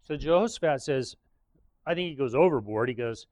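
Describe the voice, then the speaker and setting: A man's voice: mid-range voice, animated, brisk, a little mellow, dry recording. A man preaching in a casual, joking way, retelling a story with frequent chuckles.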